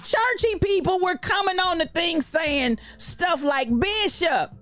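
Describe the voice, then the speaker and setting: A woman's voice: very high-pitched, animated, measured pace, a bit bright, faint music behind. A woman from Kansas City hosting a podcast livestream, talking with passion about current events and greeting people in the live chat. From Kansas City, USA. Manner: passionate, preachy, talks back to live chat. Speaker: podcast host.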